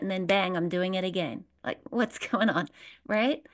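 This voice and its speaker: A woman leads a spiritual workshop, talking straight to the people in the room. She is earnest and repeats her phrases, asking questions of her listeners. Her voice sits at a middling pitch. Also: normal speed. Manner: earnest, repetitive, asks the audience questions. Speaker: workshop leader. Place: workshop room with a live audience.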